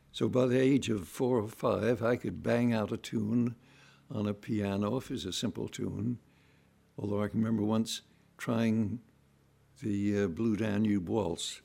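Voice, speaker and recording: An older man reminiscing about his childhood in a relaxed, anecdotal storytelling way, now and then acting out voices and sounds. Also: on the low side, a little slow, creaky, slightly rough. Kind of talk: unscripted reminiscing monologue.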